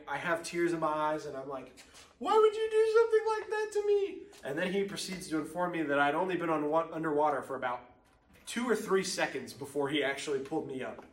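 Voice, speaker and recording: A man's voice: on the high side, fairly bright tone. A young man preaching a sermon, telling a personal story in a casual way with frequent ums. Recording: echoey room, mic at a distance.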